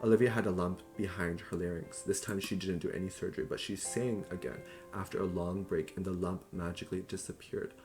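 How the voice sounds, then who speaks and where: Low-voiced man summarizing a book. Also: steady tone, a little fast, few pauses. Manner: loose and chatty, with fillers and self-corrections. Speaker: book reviewer. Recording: clear music playing behind.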